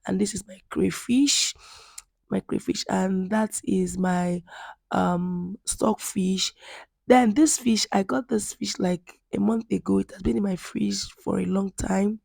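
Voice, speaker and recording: A Nigerian woman talks through a cooking vlog in a chatty, rambling way, addressing her viewers directly. Her voice is worn down and gravelly after an illness, with a husky edge. The sound is close and dry, with little room around it. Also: mid-range voice, steady tone, slow pace, a little mellow, no echo. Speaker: cooking vlogger. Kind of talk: casual cooking vlog chat.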